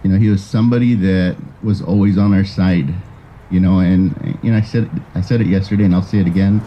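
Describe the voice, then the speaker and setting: A man's voice: deep voice, steady tone, fairly quick, dull audio, a little hiss or hum. A man praising a family member at a graveside, repeating himself and saying "you know" often. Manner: repetitive, with many "you know"s. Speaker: family member giving a eulogy. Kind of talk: graveside eulogy. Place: outdoors at a graveside.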